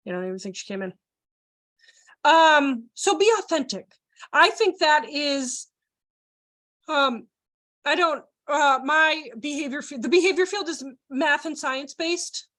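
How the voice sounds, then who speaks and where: A woman leading an online child care training, animated and laughing often as she acts out voices. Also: high-pitched, unhurried, pauses often. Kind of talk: live online training presentation.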